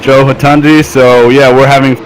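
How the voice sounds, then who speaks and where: A man from Norway, a drift driver, chatting in a laid-back way over a video call, with short answers and soft laughs. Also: mid-range voice, little pitch movement, normal speed, slight background noise, low-quality recording. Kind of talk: casual video-call chat.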